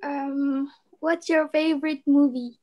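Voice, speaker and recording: A young student in an online English class, asking and answering shyly. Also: female voice, high-pitched, fairly even intonation, slow pace, darkish tone, a little hiss or hum. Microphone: video call.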